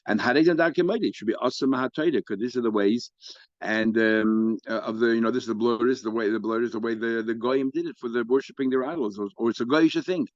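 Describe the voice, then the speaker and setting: A male rabbi teaching a Talmud lesson at an even, ordinary pitch. He explains the text line by line and gets louder and higher as he reads the quoted passages. The sound is dry and a little dull. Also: quick pace, no room sound. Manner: explanatory, rises in pitch and volume when reading quoted Aramaic. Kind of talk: daily Talmud class. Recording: dry, slightly dull recording.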